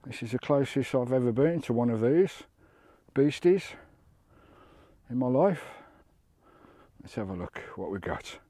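This vlogger, a British man, gives walking commentary on a coastal trail, exclaiming at the views and slightly out of breath as he chats to the camera. His mid-range voice is expressive and mellow, at a measured pace with long pauses and no room sound.

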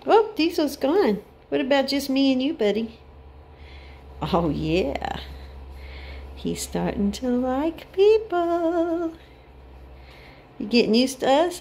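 A woman with a gravelly, mellow voice chats to rescued cats in casual talk while filming, coaxing and affectionate. Her pitch swings widely, and she speaks unhurriedly and a little high. Faint background noise sits behind her. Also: sing-song, slow pace, long pauses. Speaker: cat rescue volunteer.

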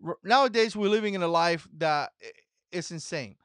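A man's voice: high voice, expressive, moderate pace, a bit bright, no room sound, clean studio sound. A man whose first language is not English, hosting an opinion commentary vlog in an emphatic, mocking way that repeats its points. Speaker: channel host.

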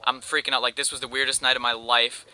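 A man rambles through a long joke story as a gaming commentator, leaning on "like" between every thought. His voice is strikingly bright and tense, and it comes through smooth and clear. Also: mid-range voice, little pitch movement, fast talker, low-quality recording. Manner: rambling, heavy use of "like". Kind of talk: telling a long joke story over gameplay.

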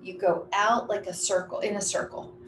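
A middle-aged woman leading an exercise class, counting reps aloud with brisk, encouraging cues. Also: medium pitch, level tone. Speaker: fitness instructor. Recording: echoey room with faint ambient noise.

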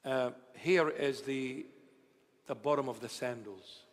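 A bishop giving a sermon, tender and playful in how he talks, now and then rising into loud outbursts, recorded in a church. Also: medium pitch, takes it slowly. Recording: church hall reverb.

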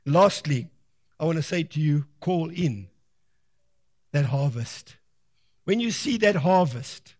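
A male pastor giving a sermon, animated and emphatic, acting out little quoted exchanges as he preaches. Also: high voice. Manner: animated preaching, rising to loud declarations; acts out quoted voices of doubters and believers.

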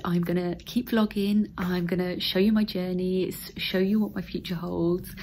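A woman's voice: lowish voice, steady tone, normal speed, hardly any pauses, a little mellow. A woman in her thirties with an English accent, vlogging emotionally to camera from an emptied room at home, her voice often dropping to a whisper. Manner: emotional, tearful, breaking into whispers. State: teary. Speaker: vlogger, newly qualified nurse. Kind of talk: casual vlog talk to camera.

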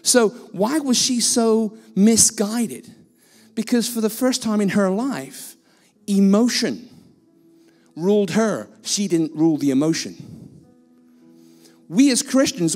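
A man's voice: high-pitched, expressive, measured pace, darkish tone, long reverb tail, soft background music. A man preaching a sermon as a guest speaker in a church, blunt and self-mocking in his delivery. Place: church hall.

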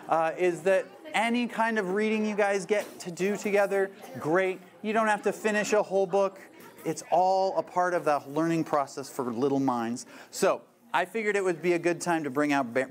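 A woman children's librarian leading a toddler storytime, reading a picture book aloud and singing in a slow, sing-song voice. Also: deep voice.

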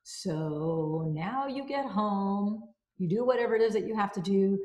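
A woman of middle pitch explains self-help ideas in a casual, conversational way. She circles back to key phrases and leans on everyday examples. Her voice rings a little in a roomy space. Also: measured pace, mellow. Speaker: book reviewer.

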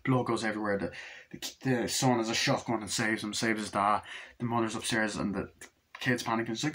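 A man's voice: on the low side, fairly even intonation, a bit bright, a little hiss or hum. Profane rambling man reviewing a film. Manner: profane, rambling, retells scenes with quick quoted lines. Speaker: movie reviewer. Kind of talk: casual spoken film review.

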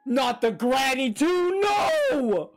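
A man reacting to an anime episode, excitable and profane, shouting and gasping and talking back to the characters on screen. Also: very high-pitched, drawn-out words, loud music behind the voice. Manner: excitable, swears a lot, bursts into shouts and gasps. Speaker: anime reaction channel host. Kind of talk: live reaction commentary.

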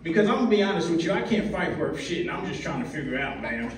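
Rambling comedy host, echoey club. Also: male voice, on the high side, big pitch swings, fast, a little hiss or hum. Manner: loose, rambling, teasing the audience. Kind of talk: stand-up crowd work. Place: comedy club with live audience. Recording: roomy echo, distant mic, crowd laughter.

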